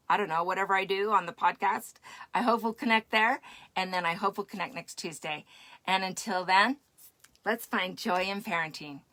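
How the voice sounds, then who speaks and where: A woman's voice: medium pitch, a bit bright, no echo. A woman podcast host talking casually and encouragingly to her live-stream audience. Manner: chatty, encouraging.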